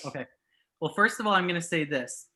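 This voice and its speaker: A man with a bright, forceful voice coaches a team as a guest speaker. He talks directly and asks plain questions. His voice comes through a video call. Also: a little high, lively intonation, a little fast. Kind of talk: coaching talk.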